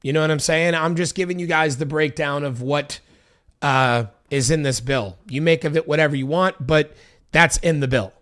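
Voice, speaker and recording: A man's voice: fairly high pitch, moderate pace, fairly bright tone. A man on a stream reading a bill aloud line by line, breaking off into loose, casual asides full of fillers. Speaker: political commentary streamer.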